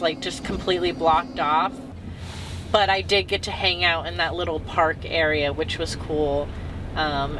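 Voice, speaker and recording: A woman's voice: lowish voice, background noise. A woman recapping her travels in a casual, rambling way, full of "um"s and "like"s. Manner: chatty and rambling, with many "um"s and "like"s. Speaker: travel vlogger.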